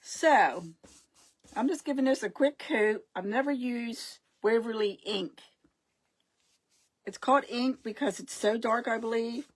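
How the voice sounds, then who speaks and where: A woman's voice: a little high, a little slow. A middle-aged woman hosting a casual live craft stream, rambling and chatty, often losing her words and greeting her viewers.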